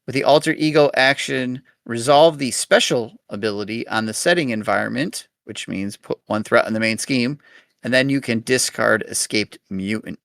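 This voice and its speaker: A man's voice: mid-range voice, normal speed, creaky, fairly bright tone, no echo, studio quality. A man hosting a podcast, easygoing and chatty, reading game cards aloud and thinking aloud. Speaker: podcast host.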